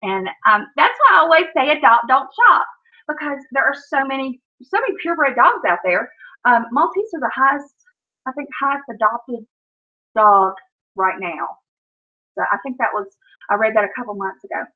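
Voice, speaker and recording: A woman's voice: high-pitched, big pitch swings, normal speed. A woman chatting casually on a home livestream from her kitchen, scolding her dogs in baby talk between stories. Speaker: vlogger. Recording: dull lo-fi sound.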